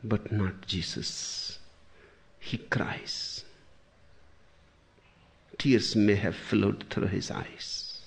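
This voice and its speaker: A man giving a spiritual discourse, deliberate, pausing often, with sudden emphatic lines. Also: lowish voice, steady tone, vocal fry. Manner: slow, deliberate, with long pauses and sudden emphasis. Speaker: spiritual teacher.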